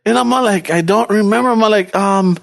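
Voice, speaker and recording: A man's voice: sits high, fairly quick, vocal fry, slight background noise. A man telling a story on a podcast, cursing, acting out dialogue and mixing in Spanish slang. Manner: profane, animated, acts out dialogue, mixes Spanish slang. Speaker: podcast co-host. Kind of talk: casual storytelling chat.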